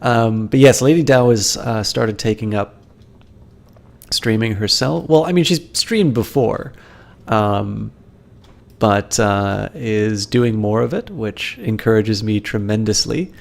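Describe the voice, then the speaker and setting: Low gravelly-voiced male streamer. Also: animated, slow pace. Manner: rambling, many ums and restarts, chatting to viewers while playing. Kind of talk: casual live-stream commentary.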